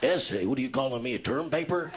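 A male comedian voicing a gruff, threatening tough guy. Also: mid-range voice, lively intonation, fast talker, noisy background, voice pushed down, natural voice. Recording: live club with loud crowd.

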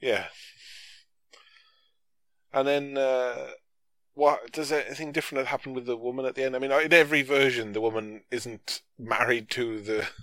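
A man's voice: mid-range voice, steady tone, moderate pace, long pauses, a bit bright, dry recording. A man in a casual film discussion, talking in a hesitant, wry, slangy way.

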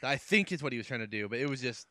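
A man co-hosting a casual movie chat, laid-back and deadpan in his jokes. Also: medium pitch, rapid-fire, no room sound.

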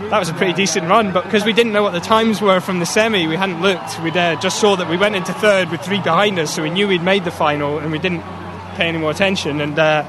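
A man's voice: high-pitched, steady tone, fast talker. A man, an Olympic canoeist, talking casually and rambling in an interview outdoors at a whitewater course. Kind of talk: post-race interview. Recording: noisy outdoor field recording.

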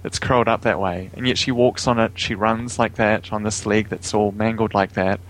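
A man's voice: fairly low pitch, fairly even intonation, normal speed, poor audio. A man with a New Zealand accent, a guest talking casually in an interview over a remote call, easygoing and chuckling often. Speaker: guest, vegan activist.

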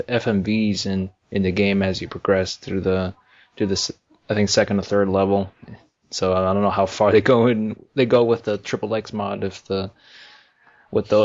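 A man co-hosting a casual podcast chat about video games, rambling and halting with many fillers. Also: on the low side, darkish tone. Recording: dull lo-fi sound.

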